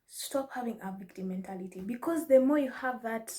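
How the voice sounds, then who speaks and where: Woman, young adult, high-pitched, animated, casual advice vlog, Swahili slang mixed in. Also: brisk. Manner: animated, mixes in Swahili slang, laughs often. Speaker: vlogger. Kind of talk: casual advice talk to camera.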